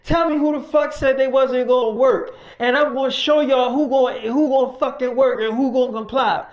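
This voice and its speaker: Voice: high-pitched, fairly even intonation, a little fast, muffled recording, voice pushed up, natural voice. A storyteller voicing a cruel, domineering male survivor leader in an improvised tale, profane and threatening. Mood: menacing. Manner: profane, threatening, barking orders.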